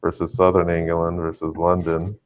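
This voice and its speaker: Low-voiced male co-host with a jokey, bantering manner; dull lo-fi audio. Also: completely flat delivery. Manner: joking, banter-heavy, quick laughs. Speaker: podcast co-host. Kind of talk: casual podcast chat.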